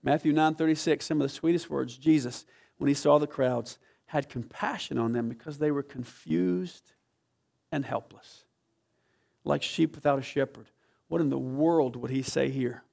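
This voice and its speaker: A man preaching a sermon as pastor, telling a story with passion, swinging from loud to hushed. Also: medium pitch, moderate pace, gravelly. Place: church sanctuary.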